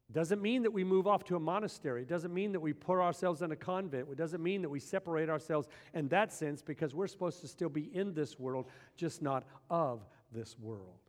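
A man's voice: a little high, a little fast, few pauses. A man preaching a sermon with emphasis, often posing rhetorical questions to his congregation. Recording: long hall reverb.

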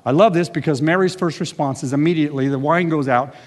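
A man's voice: on the high side, fast talker, long reverb tail. A man preaching a sermon earnestly, with conversational asides. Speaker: pastor.

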